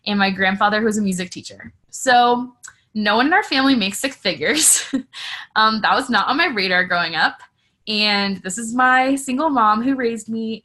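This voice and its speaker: A woman's voice: medium pitch, pushed and bright. A woman in her twenties, a teacher and coach, talking candidly on a video call with lots of fillers. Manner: chatty, filler-heavy, candid. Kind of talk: casual team call presentation.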